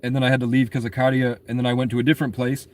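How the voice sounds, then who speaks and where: A man's voice: medium pitch, level tone, racing. Rambling, profane young man telling stories. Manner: rambling, profane, laughs at his own stories. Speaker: musician telling his own story. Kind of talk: rambling monologue rant.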